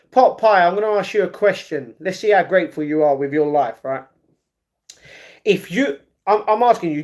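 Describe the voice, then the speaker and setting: High-voiced man on a chatty livestream. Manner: reads viewers' chat aloud and argues back; excited ringside-style reactions to a fight he is watching. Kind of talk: casual livestream chat.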